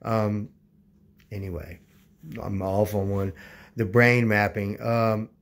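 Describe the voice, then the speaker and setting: A YouTuber talks casually to his channel's viewers in a lowish, flat voice at a slow pace. He rambles with many fillers and restarts, insistently correcting their views.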